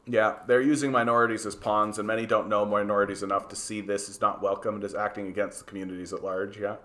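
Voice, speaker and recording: A man's voice: lowish voice, little pitch movement, quick pace, bright, forceful tone. A man hosting a political livestream. He talks heatedly and swears freely, stammering through many restarts as he answers chat. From Canada. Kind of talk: livestream commentary reading chat.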